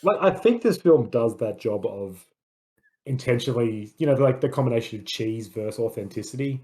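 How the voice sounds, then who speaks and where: A man's voice: mid-range voice, animated, normal speed, warm tone. A man co-hosting a casual film review chat, talking enthusiastically and rambling. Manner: enthusiastic, rambling, says "like" a lot. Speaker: podcast co-host, film reviewer.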